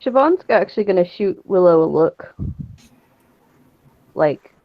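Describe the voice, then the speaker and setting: A woman describing her character's moves at a tabletop game, hesitant and full of fillers. Her voice is somewhat low and comes through a muffled, lo-fi mic. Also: expressive, unhurried, dry recording. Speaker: player. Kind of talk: tabletop role-play table talk.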